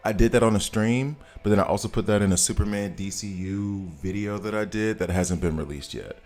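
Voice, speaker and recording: A man's voice: fairly low pitch, brisk. An American man chatting casually on a live game stream, greeting viewers and laughing often. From United States. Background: soft background music.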